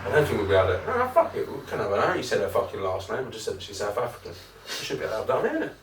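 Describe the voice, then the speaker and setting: Talking very fast with lively intonation, a lowish-voiced man co-hosts a podcast, laughing frequently as he tells rambling, swear-filled stories. The casual chat is recorded from a distance in a roomy room, with faint noise underneath.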